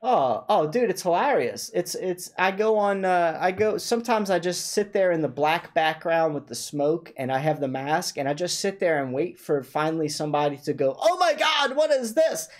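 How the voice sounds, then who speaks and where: A man's voice: fairly high pitch, normal speed, hardly any pauses. A man hosting a livestream, chatting casually and playfully, often laughing. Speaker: livestream host.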